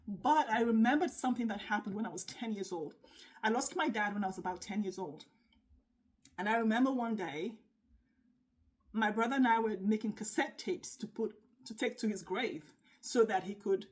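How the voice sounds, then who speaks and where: A middle-aged woman giving an earnest, faith-based motivational talk as a sales coach, speaking emphatically with dramatic pauses like a preacher. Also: medium pitch, darkish tone.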